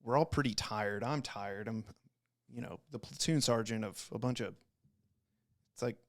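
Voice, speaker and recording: A young man in his twenties, a podcast guest who tells stories with lots of swearing. He slips into quoted voices as he talks. His pitch sits in the ordinary middle range for a man. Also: moderate pace. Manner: profane, animated, acts out quoted voices. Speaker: guest, Navy corpsman. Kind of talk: casual storytelling.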